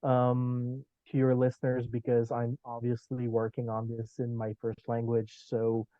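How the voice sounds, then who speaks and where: A man from Quebec who speaks natively, talking as a podcast guest in a hesitant way with many pauses and uhs. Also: medium pitch, monotone, dark tone, no echo, highs cut off. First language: French. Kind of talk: casual podcast chat.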